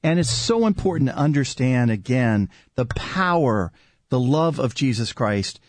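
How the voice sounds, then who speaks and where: An exuberant man hosts a religious talk show, speaking with exclamations as he introduces his guest. His voice sits at a middle pitch, recorded dry and close. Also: very animated, a little slow, no echo. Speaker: radio show host.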